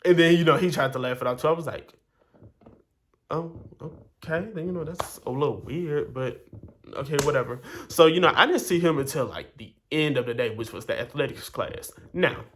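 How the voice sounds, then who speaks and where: A man's voice: on the high side, moderate pace, slight background noise. A young man vlogging, telling a long personal story in a chatty way, full of fillers and acted-out quotes. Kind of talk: casual storytelling.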